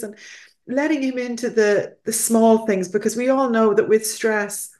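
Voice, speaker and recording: A woman's voice: on the high side, steady tone, moderate pace, a little mellow. Woman pastor, heartfelt and earnest, conversational faith talk.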